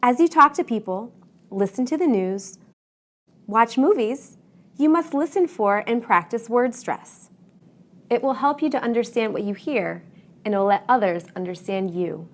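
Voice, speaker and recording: Lively-voiced woman teaching pronunciation. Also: a little high. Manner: clear, measured, encouraging delivery. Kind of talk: scripted teaching narration.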